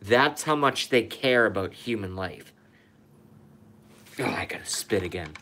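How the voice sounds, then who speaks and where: A man's voice: on the low side, expressive, measured pace, bright, forceful tone, slight background noise. A man hosting his online show from an apartment, ranting in a furious, profane, repetitive comedic conspiracy monologue into a phone. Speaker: YouTube show host.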